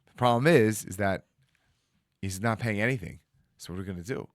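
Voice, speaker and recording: A man's voice: fairly low pitch, a little fast, no room sound, clean studio sound. A man, a rabbi telling a story and acting out the voices of the people in it. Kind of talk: storytelling talk. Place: studio.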